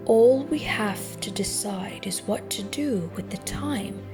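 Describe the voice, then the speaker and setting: A woman voicing an ancient, wise male wizard in an amateur English accent, giving solemn, measured counsel in a hushed voice. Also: mid-range voice, music in the background. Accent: English (put on).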